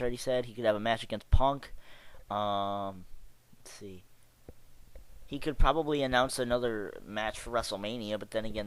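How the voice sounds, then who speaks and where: A man's voice: on the low side, clear, resonant tone, no echo, low-quality recording. A young man from Chicago giving a rambling, exasperated and sarcastic casual rant about wrestling, full of fillers and restarts. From Chicago area. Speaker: wrestling vlogger.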